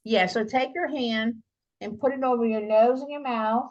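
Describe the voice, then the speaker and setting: A woman's voice: a little high, fairly even intonation, moderate pace, muffled recording. A woman nursing instructor giving a conversational exam review lecture in a classroom, checking in with the students by asking "okay?" again and again.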